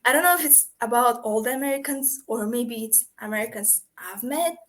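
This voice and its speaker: A young woman in her twenties, from Kazakhstan, telling personal stories in an interview in English, animated, laughing and acting out the conversations. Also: fairly high pitch, a little fast. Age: 20s. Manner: animated, laughing, acts out quoted exchanges; non-native English, frequent "like" fillers. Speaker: guest. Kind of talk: casual interview storytelling.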